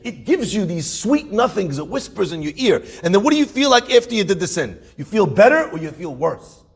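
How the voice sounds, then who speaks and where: A rabbi delivers a lively sermon in a high, gravelly voice, his pitch leaping up and down as he presses his points. He speaks to his listeners directly and keeps asking them questions. His tone is husky and a little rough. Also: a little fast. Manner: animated, rhetorical questions to the audience.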